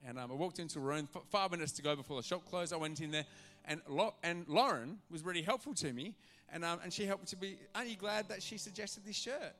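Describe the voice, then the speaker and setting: A male pastor preaching a sermon to a church congregation, animated and acting out the voices in his stories. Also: sits high, quick pace, few pauses. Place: church auditorium.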